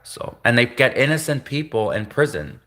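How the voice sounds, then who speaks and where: Rambling livestreaming man, bright tone. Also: mid-range voice, sing-song, moderate pace. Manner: rambling, repetitive, conspiratorial, self-interrupting. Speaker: livestream host. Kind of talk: rambling live-stream monologue. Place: home live stream.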